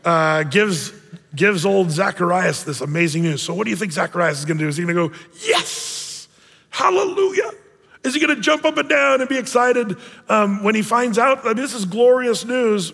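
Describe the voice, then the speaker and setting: A man's voice: high voice, a bit bright. A male pastor giving a casual, jokey sermon, slipping into playful voices for Bible figures. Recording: long hall reverb.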